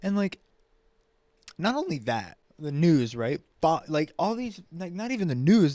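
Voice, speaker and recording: A man's voice: on the high side, very animated, measured pace, dark tone, no room sound. A man vlogging an angry, profane political rant, repeating himself as he gets heated.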